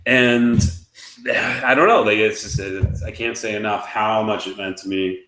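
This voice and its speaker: Excitable man telling a story, echoey room. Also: fairly low pitch, moderate pace. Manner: excitable, rambling, laughs often. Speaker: podcast co-host. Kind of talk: casual storytelling on a live stream.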